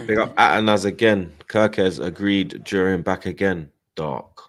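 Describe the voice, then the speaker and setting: A man in casual football banter, teasing and slangy, shouting out viewers from the chat. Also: sits low, measured pace. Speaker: football fan panelist.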